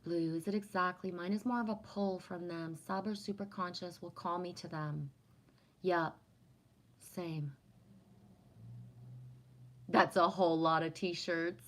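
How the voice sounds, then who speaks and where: A woman with a lowish voice and fairly even intonation talks at a measured pace, leaving long pauses. She's hosting a livestream, reading and answering viewer comments one by one in a warm, reflective way, and her spiritual musings are frequently punctuated by "right?"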